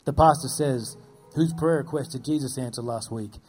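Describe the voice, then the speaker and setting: Male guest, earnest storyteller, mellow tone, faint music under. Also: medium pitch, moderate pace. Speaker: guest speaking about persecuted churches. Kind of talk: storytelling testimony.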